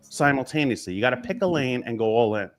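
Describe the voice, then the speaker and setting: Emphatic business coach from New York. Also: male voice, mid-range voice, animated. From Long Island, New York. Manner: emphatic, quick lists of short phrases. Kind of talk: casual talk show conversation.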